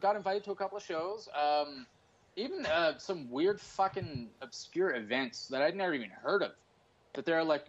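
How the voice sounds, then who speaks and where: A man's voice: on the high side, lively intonation, moderate pace, dull audio. A man in his forties, a stand-up comedian, chatting casually on a podcast, rambling and swearing through jokey stories. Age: 40s. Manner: profane, rambling, jokey storytelling.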